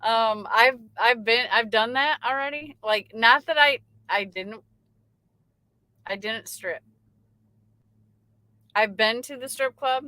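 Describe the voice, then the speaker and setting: Woman, trucker, late-night livestream chat, rambling, bright tense voice. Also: on the high side, slow, long pauses, no echo, low-quality recording. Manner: chatty and rambling, with many "like" fillers. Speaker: truck driver hosting a livestream. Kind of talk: casual late-night livestream chat, reading viewer comments.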